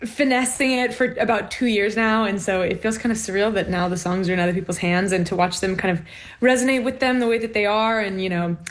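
A young American woman in her twenties, a musician guest talking casually over a video call from a dark room, bubbly and gushing. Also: medium pitch, fairly even intonation, brisk. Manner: bubbly, gushing, many likes and I mean.

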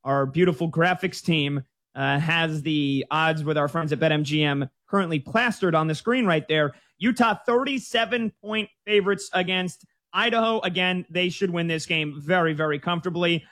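Dude with a pretty high voice, sports show host rattling off stats and betting lines. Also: male voice, a bit bright. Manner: brisk, stat-heavy rundown. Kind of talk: sports betting preview chat.

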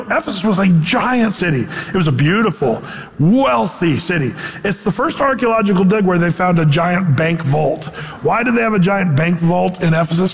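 Animated male pastor, high voice, hall echo. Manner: animated, acts out quoted voices. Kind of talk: sermon.

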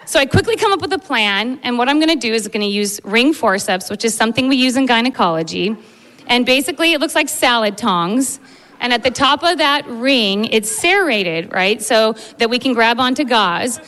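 Animated woman telling a story in a hall. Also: on the high side, normal speed. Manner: animated, laughs through her own story. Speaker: emergency medicine doctor. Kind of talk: live storytelling.

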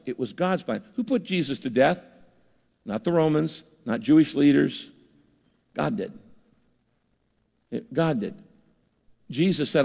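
A man's voice: on the high side, lively intonation, measured pace, vocal fry, long pauses. An older man preaching a sermon as pastor, conversational, acting out the voices of people he quotes. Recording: reverberant hall.

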